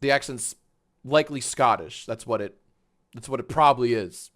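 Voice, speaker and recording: A man streaming live and reacting to a clip, talking in a halting, rambling way with sudden swearing outbursts. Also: mid-range voice, a bit bright.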